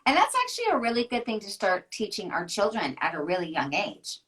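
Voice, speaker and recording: A woman's voice: medium pitch, big pitch swings, fairly quick, fairly bright tone. A woman hosting a live video-call interview, enthusiastic and affirming toward her guest. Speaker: host.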